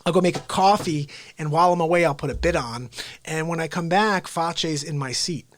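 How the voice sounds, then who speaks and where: A middle-aged man hosting a live variety stream, talking in a rambling, animated way. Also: on the high side, fairly quick, slight background noise. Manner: rambling, animated, slips into voices. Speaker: variety show host, real estate agent.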